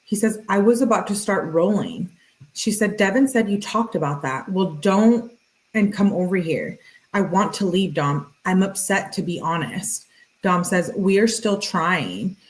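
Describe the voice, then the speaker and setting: A woman hosting a true-crime video, reading text messages aloud in a flat, matter-of-fact voice with casual asides. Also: mid-range voice, unhurried, low-quality recording.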